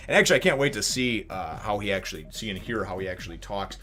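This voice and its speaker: A man casually reviewing a comic chapter, animated and rambling, often laughing as he retells it. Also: lowish voice, quick pace. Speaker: manga review channel host.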